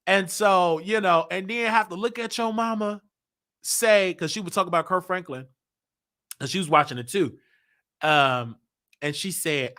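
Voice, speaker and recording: A man's voice: sits high, lively intonation, normal speed, sharp tone. A man hosting his show, talking candidly and confessionally about his life and repeating himself as he works through it. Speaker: show host. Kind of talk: candid personal livestream talk.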